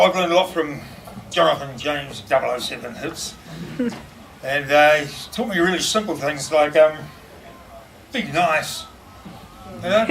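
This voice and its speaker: A man's voice: on the high side, vocal fry, fairly bright tone. A middle-aged man giving a rambling memorial speech, full of fillers and laughing through anecdotes. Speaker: eulogist at a memorial. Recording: distant mic with background noise.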